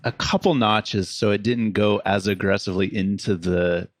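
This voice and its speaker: A man's voice: fairly low pitch, fairly even intonation, normal speed, no echo, studio quality. A man co-hosting a music review podcast who gives his critique thoughtfully and hesitantly, trailing off with fillers. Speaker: podcast co-host.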